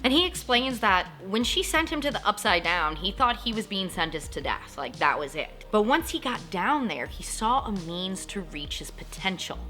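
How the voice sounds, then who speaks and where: Bright-voiced woman recapping a TV episode. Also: medium pitch, very animated, faint music behind. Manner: chatty, acts out characters' lines in quick asides; emotionally invested, jokes about crying. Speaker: host of a TV recap channel.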